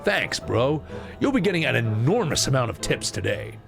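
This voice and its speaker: A man voicing a smug, teasing young man in a relaxed, flippant tone. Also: mid-range voice, normal speed, vocal fry, over music.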